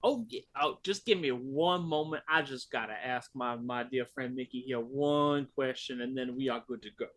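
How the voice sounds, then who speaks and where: A man's voice: medium pitch, moderate pace, few pauses. A man playing a glib, mock-polite character in a tabletop game. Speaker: player. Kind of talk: in-character tabletop role-play.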